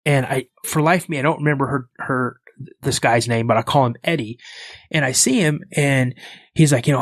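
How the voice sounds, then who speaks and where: Animated man telling a story. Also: mid-range voice, fairly quick, no echo. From United States. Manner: animated, acts out the voices in his story. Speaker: podcast guest. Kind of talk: casual storytelling.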